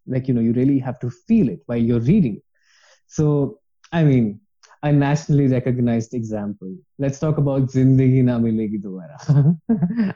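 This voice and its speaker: A man's voice: mid-range voice, mellow, husky, highs cut off. A man talking earnestly and passionately about reading poetry, rambling with many fillers in a casual podcast chat.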